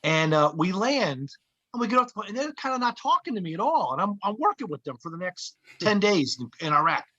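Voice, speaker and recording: A man, a comedian and actor, telling lively anecdotes in casual chat and acting out the voices of people he quotes. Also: high voice, brisk, husky, highs cut off. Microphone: podcast mic.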